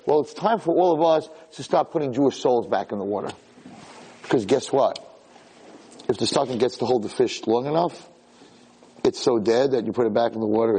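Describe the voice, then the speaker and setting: A man, a rabbi, giving a Torah class sermon with animated stories and rhetorical questions. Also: mid-range voice, husky.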